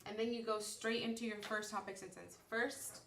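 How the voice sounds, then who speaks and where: A woman's voice: mid-range voice, steady tone, moderate pace, vocal fry, a bit bright, slight background noise. A woman teacher giving a classroom lecture. She explains step by step and keeps checking that the class understands. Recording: roomy, distant classroom recording.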